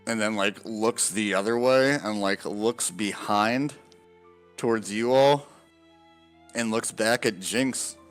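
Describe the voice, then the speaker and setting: Male game master, low and slow, casual swearing narrator, faint music bed. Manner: animated, casual, swears freely.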